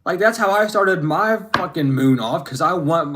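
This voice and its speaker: A man's voice: on the high side, moderate pace, hardly any pauses, sharp tone. A man delivers a casual spiritual reading in an unscripted monologue. He talks bluntly, swears often and rambles, restarting his sentences as he goes. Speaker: spiritual reader.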